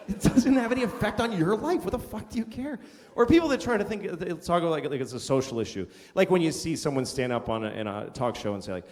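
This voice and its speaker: A middle-aged man doing a stand-up comedy set, ranting and profane, now and then shouting in put-on voices. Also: sits high, sing-song, a little fast, a little hiss or hum. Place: comedy stage before a live audience. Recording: live hall with long reverb, faint crowd.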